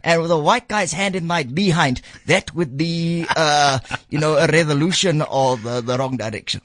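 Brash satirical puppet with Afrikaans-tinged South African accent, raised voice, dry studio sound, ventriloquist voicing it. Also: male voice, fairly high pitch, moderate pace, fairly bright tone, no room sound, lightly acted. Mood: cheeky. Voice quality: brash, jokey, satirical, mimics others. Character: cheeky male puppet with a mocking streak. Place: radio studio.

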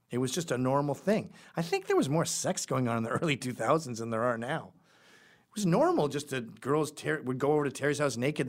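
A middle-aged man who hosts a show, delivering a blunt, sarcastic and rambling monologue. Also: medium pitch. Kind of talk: opinionated monologue.

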